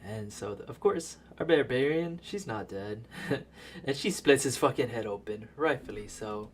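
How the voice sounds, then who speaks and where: A man giving a casual, profane recap of a movie as a voice-over, animated and laughing as he tells it. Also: mid-range voice, normal speed, a little hiss or hum. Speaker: video creator.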